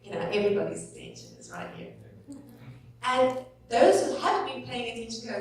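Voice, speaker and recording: Expressive woman preaching in an echoey church hall. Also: on the high side. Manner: earnest and expressive, with dramatic pauses. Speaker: guest preacher. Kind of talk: sermon. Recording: echoey hall from far off, faint hum.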